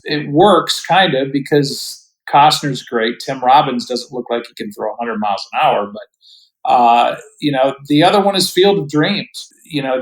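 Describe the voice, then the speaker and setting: A man's voice: on the high side, poor audio. Reflective middle-aged man telling stories. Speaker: guest broadcaster. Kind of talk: relaxed podcast storytelling.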